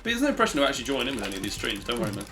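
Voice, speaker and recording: A man's voice: medium pitch, huge pitch swings, very fast. Rambling man streaming a speedrun. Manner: rambling and self-mocking, swearing and reacting to chat. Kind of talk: casual live-stream chat. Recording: gameplay audio with loud music behind.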